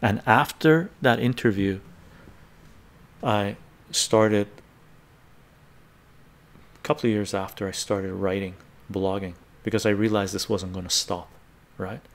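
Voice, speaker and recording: A man hosting a live stream, telling a personal story in a casual, emphatic way and often checking in with his audience. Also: fairly low pitch. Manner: talks fast in bursts, repeats "right?".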